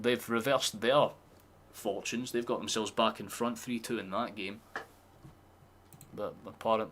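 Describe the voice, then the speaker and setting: A man's voice: medium pitch, moderate pace, fairly bright tone. Sweary man reacting to football. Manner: casual, sweary, reactive banter. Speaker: streamer. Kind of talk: live football watchalong commentary.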